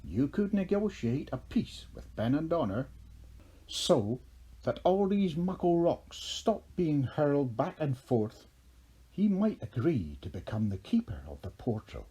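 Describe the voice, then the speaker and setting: A man's voice: mid-range voice, very animated, takes it slowly, mellow, husky, heavily acted. A man voicing a mischievous, teasing old leprechaun king in a lilting, playful storybook voice. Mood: scheming. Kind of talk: storybook character voice.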